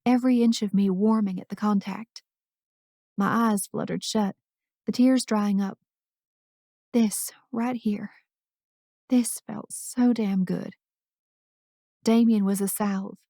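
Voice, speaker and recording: A woman's voice: medium pitch, creaky, mellow, no echo, clean studio sound. A woman narrating a first-person romance audiobook in an intimate, emotional reading.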